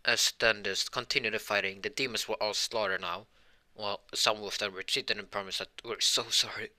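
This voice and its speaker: A man narrates an improvised fan-fiction story, rambling and hesitating as he goes. His voice sits low but has a bright, sharp edge. The sound is close and dry. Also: steady tone, normal speed, no echo.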